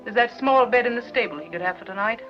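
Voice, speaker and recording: An actress playing a steady, sensible mother in a 1940s film, speaking quietly and kindly. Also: a little high, fast, natural voice. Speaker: film character. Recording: dull old film soundtrack with music.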